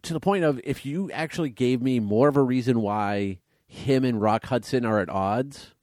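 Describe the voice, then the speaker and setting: A man's voice: medium pitch, normal speed, a little mellow, dry recording, clean studio sound. A man co-hosting a casual movie podcast, rambling a little and reading trivia aloud. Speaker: podcast co-host.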